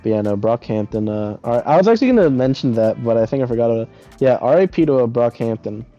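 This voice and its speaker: A man's voice: mid-range voice, expressive, fast talker, warm tone, faint music behind. A young man co-hosting a podcast over a voice call, chatting casually, slangy and swearing freely, his voice a little dull and lo-fi. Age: young adult. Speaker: podcast co-host. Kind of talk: casual chat. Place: home, on a voice call. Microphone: computer mic over a voice call.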